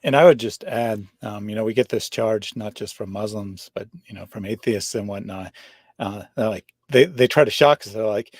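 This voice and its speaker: A man's voice: lowish voice, normal speed, a little mellow, no room sound. A man hosting a livestream, casually reading out viewer questions and chatting with his guest. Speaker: host. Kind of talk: livestream discussion.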